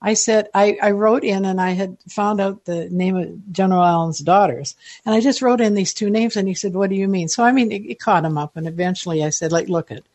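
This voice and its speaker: Older woman guest, 70s, rambling and chatty with a self-deprecating streak, mid-pitched, dry close mic. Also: brisk, darkish tone, no echo. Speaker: listener guest. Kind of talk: casual interview storytelling.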